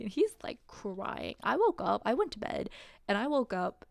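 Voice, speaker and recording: A woman's voice: medium pitch, very animated, normal speed, creaky, no echo. A woman telling a personal story in a casual, wry way, full of fillers. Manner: chatty, wry, many fillers and laughs.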